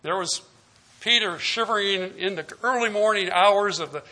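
A man preaching a sermon in a very bright, slightly raised voice. He retells scripture stories, acting out their dialogue, and puts direct questions to his listeners. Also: high-pitched, normal speed.

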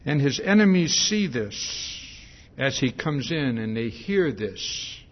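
A man preaching an expository sermon in a conversational way, often pausing to ask "see?" and restarting his sentences. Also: mid-range voice, very animated, dull audio.

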